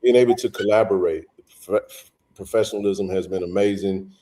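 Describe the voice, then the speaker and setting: A man's voice: on the low side, fairly even intonation, normal speed, dark tone. A man hosting a casual livestream chat, talking in loose rambling runs with frequent restarts. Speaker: host.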